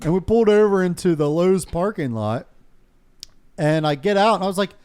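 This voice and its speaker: A man co-hosting a casual podcast, spinning a long, crude anecdote. His voice sits a bit high and leaps around in pitch, and he keeps breaking into laughter between the curses. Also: expressive, normal speed, darkish tone, smooth. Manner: profane, laughing while telling stories. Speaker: podcast co-host. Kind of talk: casual storytelling among friends.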